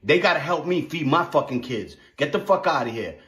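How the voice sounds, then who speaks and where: A man's voice: fairly high pitch, lively intonation, fairly quick, a bit bright, echoey room. A man ranting and cursing in a clip, repeating his demands. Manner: profane, repeats himself. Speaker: person in a viral clip. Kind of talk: mocking rant.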